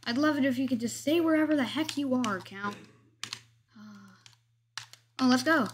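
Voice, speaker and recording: A woman hosts her own gameplay video, talking through each step in a casual, chatty way. She pokes fun at her own mistakes as she goes. Her voice sits a little high, and faint keyboard and mouse clicks run underneath. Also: normal speed, long pauses, slight background noise. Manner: chatty, narrates every move, jokes about herself.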